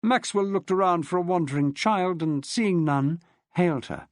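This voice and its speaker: A man narrating a novel as an audiobook, with an expressive storyteller's lilt. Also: high-pitched, normal speed, dry recording, clean studio sound.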